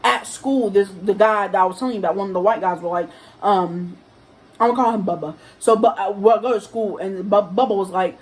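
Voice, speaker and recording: A young woman chats to her camera at home, relaxed and casual as she tells a story. She gets animated and jumps up into a higher voice whenever she quotes someone. Her voice sits at an ordinary middle pitch. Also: a little fast, poor audio. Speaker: vlogger.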